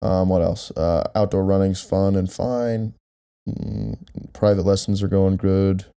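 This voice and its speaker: A young man co-hosting a home podcast, his voice very low and gravelly with a dark tone. He rambles with plenty of fillers and pokes fun at himself. He sits close on a directional mic. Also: flat delivery, a little slow, no echo. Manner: rambling, self-deprecating, many fillers. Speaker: podcast co-host. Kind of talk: casual chat.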